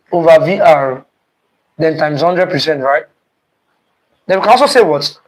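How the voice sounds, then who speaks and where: Speeding up, slowing down, and leaning on key terms, a man with a fairly high, expressive voice repeats vocabulary and asks students "what?" during an online exam-prep physics lesson. The audio is rough.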